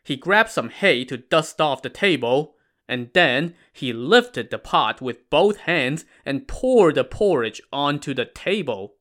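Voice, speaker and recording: A man narrating a retelling of a classic novel in a measured way, with wry asides. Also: a little high, big pitch swings, a bit bright. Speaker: storyteller.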